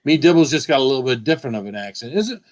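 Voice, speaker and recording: A man's voice: mid-range voice, lively intonation, racing, no room sound. A man from Michigan hosting a casual video chat, talking in a rambling, chatty way that repeats itself. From Michigan, USA. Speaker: channel host.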